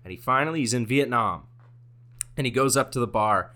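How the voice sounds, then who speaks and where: A man co-hosting a podcast, casually telling a long shaggy-dog joke with a slow build and some swearing. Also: medium pitch, sharp tone. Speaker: podcast co-host.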